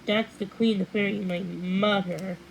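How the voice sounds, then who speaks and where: An earnest young fairy prince, read aloud by a woman in a storybook, talking eagerly and a little louder than the narration. The voice sits at a middling pitch with only a light change from the reader's own, and a faint hiss lies under it. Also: fairly even intonation, measured pace, vocal fry, rough recording.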